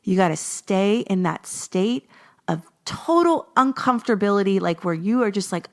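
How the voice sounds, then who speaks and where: A woman's voice: medium pitch, normal speed. A woman in her forties hosting a podcast, chatting casually and animatedly as she tells a personal story and acts out her own past words. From Los Angeles. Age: 40s. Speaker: podcast host.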